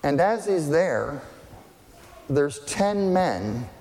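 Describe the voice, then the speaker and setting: A man's voice: on the high side, big pitch swings, drawn-out words, darkish tone, big-room sound. A male pastor preaching a sermon in a conversational, emphatic way, asking rhetorical questions.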